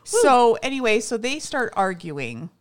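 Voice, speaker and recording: Animated woman recapping a movie. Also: a little high, a little slow. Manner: animated, acts out scenes with quoted voices and laughs. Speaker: podcast co-host. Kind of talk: casual chat recapping a movie.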